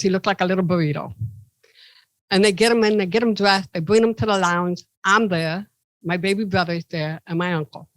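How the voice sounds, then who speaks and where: A woman's voice: no echo, poor audio. A woman from Ohio, a podcast guest, telling personal stories animatedly and acting out the voices of the people in them. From Ohio, USA. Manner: animated, acts out quoted voices with big pitch jumps. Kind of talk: personal storytelling.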